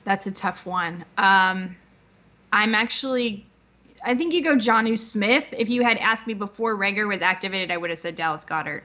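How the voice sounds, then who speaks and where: A woman's voice: medium pitch, normal speed, bright, forceful tone. A woman co-hosting a live fantasy football show, giving blunt, decisive start-or-sit picks. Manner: decisive, blunt opinions, laughs easily. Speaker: co-host, fantasy analyst.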